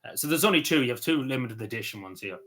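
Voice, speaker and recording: An Irish man hosting a casual livestream, rambling with many ums and quick apologies. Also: medium pitch, lively intonation, fairly bright tone, poor audio. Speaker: livestream host.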